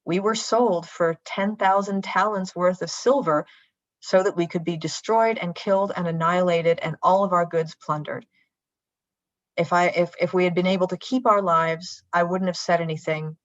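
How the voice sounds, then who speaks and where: A woman playing an earnest ancient queen pleads in a low, steady voice. The sound is dry and dull. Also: normal speed, no room sound, lightly acted. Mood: pleading. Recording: dull lo-fi livestream.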